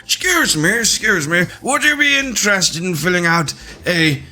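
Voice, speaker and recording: A prissy, fawning city surveyor, as a man puts him on, lifting his pitch and letting it leap about with affected charm. He flatters and pushes in a bright, pointed tone, then turns haughty and wounded when slighted. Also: normal speed, full character voice. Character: pompous, fussy male city surveyor, overly polite.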